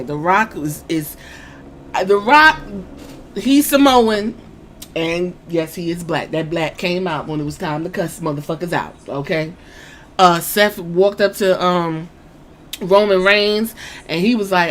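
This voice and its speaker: A woman hosting a podcast, retelling events in a lively, excitable way and swearing freely as she goes. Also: lowish voice, moderate pace. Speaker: podcast host. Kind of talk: casual storytelling recap.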